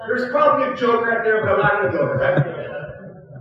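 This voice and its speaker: High-voiced pastor preaching in an echoey hall. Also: male voice, moderate pace. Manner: animated, acts out biblical figures with shouted punchlines. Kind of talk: sermon. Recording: distant echoey hall recording, muffled.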